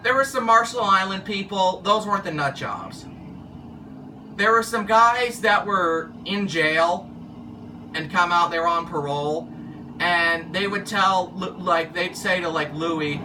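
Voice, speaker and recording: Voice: medium pitch, a little slow, sharp tone, far from the mic, a little hiss or hum, low-quality recording. A former car wash worker telling a story casually, rambling and losing track of the thread. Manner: rambling, loses track and restarts.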